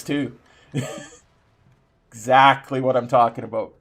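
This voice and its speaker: A man's voice: medium pitch, a little slow, husky. A young Canadian man with a Canadian accent chatting casually while streaming a game, rambling with lots of ums and restarts. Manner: rambling, many fillers and restarts. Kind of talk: casual chat while gaming.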